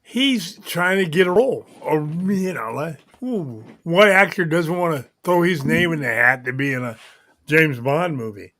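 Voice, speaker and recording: A middle-aged man with a fairly high voice who co-hosts a casual talk show. He gives short, dry, deadpan answers. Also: unhurried. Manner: dry and curt, terse deadpan quips. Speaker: co-host. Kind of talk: casual chat.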